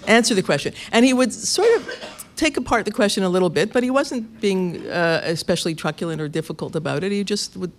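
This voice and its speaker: A man, a radio interviewer, telling a story in conversation with lively, laughing delivery and restarted phrases. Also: sits high, fast, hardly any pauses, a little hiss or hum. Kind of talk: conversational anecdote.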